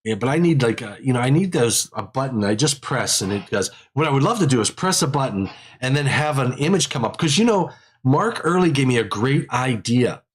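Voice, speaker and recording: A man's voice: mid-range voice, lively intonation, a little fast, husky. A man hosting a live technical webinar in a casual way. He rambles, repeats phrases and laughs often. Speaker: livestream host.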